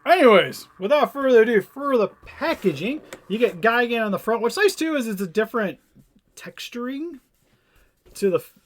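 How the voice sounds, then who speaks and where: A young man with a high, very lively voice chats excitedly while reviewing a toy figure. He rambles, trips over his words and keeps filling gaps as he goes. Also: normal speed, a little hiss or hum. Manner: enthusiastic, rambling with fillers and laughs. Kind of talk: casual review chat.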